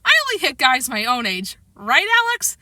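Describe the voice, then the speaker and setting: Tough bossy schoolgirl, threatening, lively high voice, woman reading, storybook. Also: moderate pace, dry recording, studio quality, full character voice. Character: tough bossy schoolgirl who punches boys.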